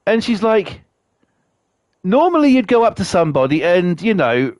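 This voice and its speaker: A man with a Norfolk accent chats away while playing a game, his voice swinging high and low as he tells rambling, sweary stories. He sits a little above the usual pitch for a man, and the sound is close and dry with no room echo. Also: sing-song, moderate pace, a little mellow. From Norfolk, England. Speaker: game streamer. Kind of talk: casual chat while playing.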